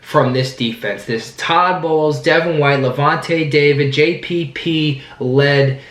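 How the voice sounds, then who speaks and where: A man with a hoarse voice, hosting his own channel and rambling excitedly about his team. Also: on the high side, takes it slowly, reverberant. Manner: rambling, excited, restarts sentences often. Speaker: sports fan channel host. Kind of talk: casual sports vlog commentary. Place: indoor room, sitting down.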